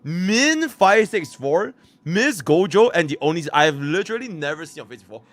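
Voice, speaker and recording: Excitable young male streamer, lively pitch. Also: normal speed, no room sound. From Singapore. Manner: excitable, swings from mumbling to shouting. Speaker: livestreamer. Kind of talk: casual live stream chat.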